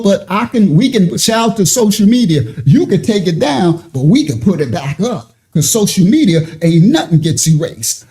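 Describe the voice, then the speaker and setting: A man with a high, mellow voice hosts a livestream in a loose, colloquial style. His pitch jumps around constantly, and he chuckles as he talks. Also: creaky. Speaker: livestream host. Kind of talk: casual livestream commentary.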